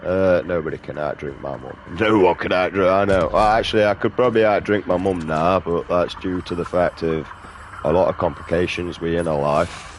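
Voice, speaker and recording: Male streamer, extremely low voice, profane drawling banter, faint hiss behind. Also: fairly quick. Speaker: gaming streamer. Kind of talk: casual commentary while playing.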